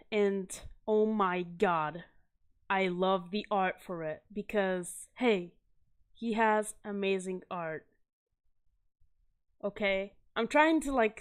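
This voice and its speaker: A woman's voice: mid-range voice, clear, resonant tone. A woman hosting a casual video review of comic art, chatty and enthusiastic, often stopping to correct herself and laugh nervously. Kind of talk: casual chat.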